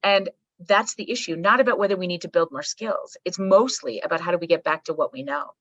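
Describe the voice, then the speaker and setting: A middle-aged woman talking in a lowish voice, telling stories bluntly and with plenty of swearing. Her voice sounds a little dull and muffled, with a dry, close sound and no room around it. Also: brisk, no echo. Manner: blunt, profane, animated storytelling. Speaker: psychologist guest. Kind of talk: candid podcast conversation. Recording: slightly muffled dry recording.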